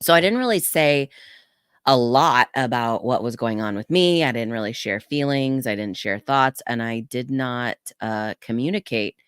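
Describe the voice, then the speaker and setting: A woman communication coach on a podcast, telling her story with earnest candor and acting out quotes in lively voices. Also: moderate pace, clear, resonant tone, no echo, studio quality. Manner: earnest storytelling, acts out quotes with animated pitch jumps. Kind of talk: candid podcast conversation.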